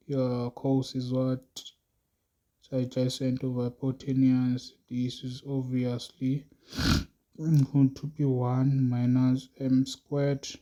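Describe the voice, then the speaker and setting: Male math teacher, very dark mellow tone, flat delivery, unhurried. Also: medium pitch. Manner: slow, musing, talks to students as he works. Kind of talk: recorded math lesson.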